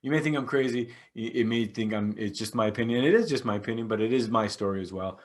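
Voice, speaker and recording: A man in his forties hosting his own podcast in a casual, rambling solo talk, breaking into sudden excited outbursts. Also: fast. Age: 40s. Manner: enthusiastic, rambling, with sudden excited jumps in pitch. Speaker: podcast host.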